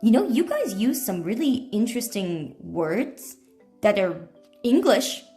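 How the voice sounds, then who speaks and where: Gravelly-voiced woman streamer. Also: mid-range voice, very animated, measured pace, mellow, soft background music. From United States. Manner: rambling storytelling full of fillers and self-corrections. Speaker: IRL streamer. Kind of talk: casual live-stream chat.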